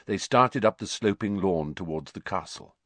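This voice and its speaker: A man narrating a story in an expressive storytelling manner. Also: deep voice, normal speed, no room sound. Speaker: audiobook narrator. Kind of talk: scripted narration.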